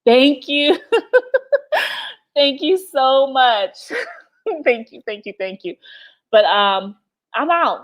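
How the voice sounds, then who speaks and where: A woman's voice: sits high, expressive, extremely slow, long pauses, a bit bright. A teary woman talks straight to her livestream viewers. She is passionate and swears freely, and she repeats her lines for emphasis. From United States. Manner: passionate, profane, speaks in emphatic repetitions. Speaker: livestream host. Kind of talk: emotional livestream talk.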